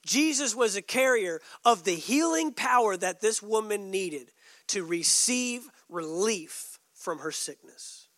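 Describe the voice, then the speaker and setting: A male pastor preaching a sermon, emphatic, dropping suddenly soft and adding joking asides to the congregation. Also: high voice, lively intonation, takes it slowly, dry recording, clean studio sound.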